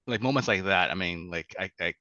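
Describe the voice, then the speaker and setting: Speaking in a deep voice that sounds pushed and bright, a Vietnamese children's book author stumbles through anecdotes in a relaxed interview, restarting often, leaning on fillers and laughing readily. There's no room sound, and the audio is dull and lo-fi.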